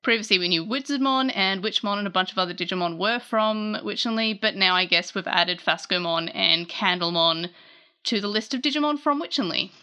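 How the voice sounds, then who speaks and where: A woman with a medium-pitched voice hosts a casual manga chapter recap at a brisk clip. She's chatty and animated and often corrects herself mid-sentence.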